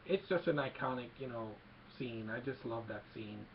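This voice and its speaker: A man's voice: medium pitch, moderate pace, a little hiss or hum. A man giving a casual, rambling film recap, retelling scenes and quoting lines, on a slightly dull lo-fi home recording. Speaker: movie reviewer.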